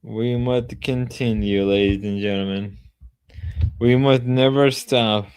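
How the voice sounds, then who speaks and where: A man's voice: medium pitch, fairly even intonation, slow, darkish tone, smooth, dry recording. A drunk man livestreaming in casual chat, rowdy and rambling, whooping between lines.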